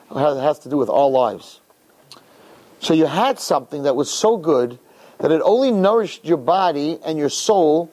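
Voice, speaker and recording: A man teaching a Torah class, emphatic and animated, repeating words and firing off rhetorical questions. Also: a little high.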